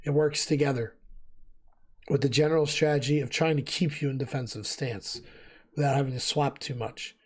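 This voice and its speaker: A man who is losing his voice explains game gear in a relaxed, casual talk, thinking aloud with frequent fillers. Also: medium pitch, moderate pace, slightly rough. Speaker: gaming video host.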